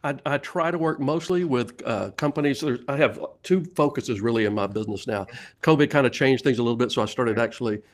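A man's voice: mid-range voice, a little fast. Laughing Southern man telling sales stories. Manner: laughs often while telling stories, many restarts. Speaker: sales leadership coach and guest. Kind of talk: casual storytelling interview.

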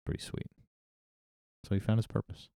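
A man's voice: normal speed, dark tone, no room sound, studio quality. A man casually discussing a movie on a podcast, rambling and retelling scenes with laughs. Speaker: podcast host.

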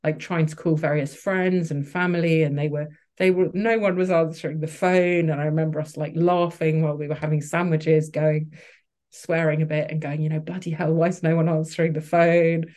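A woman's voice: deep voice, fairly even intonation, moderate pace, a little mellow. A woman, a podcast guest, telling a personal story candidly, with frequent restarts and fillers. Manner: open, emotional, many restarts and fillers.

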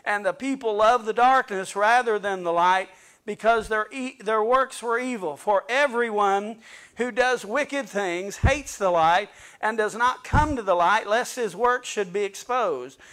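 High-voiced preacher man, fervent. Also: a little slow, a bit bright. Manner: fervent preaching, reads scripture aloud. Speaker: pastor. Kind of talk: sermon.

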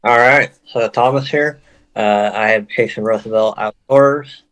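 A man's voice: on the low side, measured pace, a bit bright, low-quality recording. A man talking as a guest on a casual podcast, plain and hesitant with many fillers. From Oregon.

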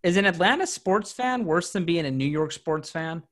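A man's voice: a little high, expressive, fairly bright tone. A young man co-hosting a sports podcast, chatting casually, rambling and ribbing his co-hosts. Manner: teasing, rambling, quick jokes at his co-hosts. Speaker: podcast co-host.

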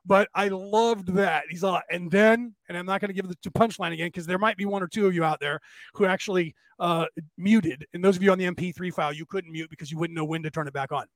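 A man's voice: sits high, fairly even intonation, quick pace, no echo. A man hosting a podcast, telling stories in a rambling casual way and checking in with "right?" a lot. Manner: rambling storyteller, keeps adding "right?". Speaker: podcast host. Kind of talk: casual chat. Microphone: camera.

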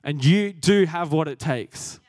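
A man's voice: a little high, a little slow, darkish tone, no echo, clean studio sound. A young man preaching a sermon, earnest and self-deprecating, laughing at himself as he goes.

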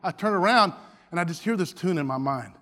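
A man delivers a sermon as a humorous story, full of quick restarts. His voice sits high and sounds bright and forceful. It carries the long reverb of a church hall. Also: animated. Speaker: pastor. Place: church sanctuary.

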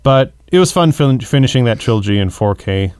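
A man's voice: mid-range voice, lively intonation, brisk, a little mellow, clear, resonant tone, dry recording. A man co-hosting a podcast in casual movie chat, rambling a little and searching for words. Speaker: podcast co-host.

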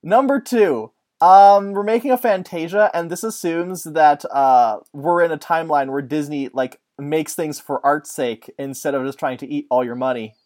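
A podcast host chatting casually and joking, drifting in and out of put-on mock accents. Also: male voice, fairly high pitch, moderate pace, few pauses, darkish tone. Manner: jokey, puts on mock accents.

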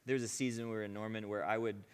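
A male preacher tells a testimony story, animated, acting out quotes and laughing often. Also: fairly low pitch, rapid-fire, smooth. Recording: long hall reverb.

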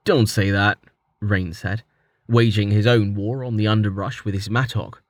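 A man narrating a fantasy story in a steady, even storytelling manner. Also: lowish voice, moderate pace, no echo. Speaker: audiobook narrator.

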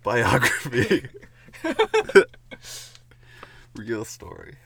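A man improvising a comedic horror story as he goes, giggling often and dropping into a hushed whisper for the spooky parts. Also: medium pitch, wildly swooping pitch, drawn-out words, creaky. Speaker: podcast co-host narrating an improvised story.

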